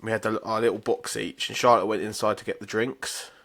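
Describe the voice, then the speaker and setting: A man co-hosting a casual podcast, telling stories bluntly with plenty of swearing. His voice sits fairly low, with a bright, forceful edge. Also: steady tone, brisk, creaky. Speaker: podcast co-host. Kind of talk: casual chat.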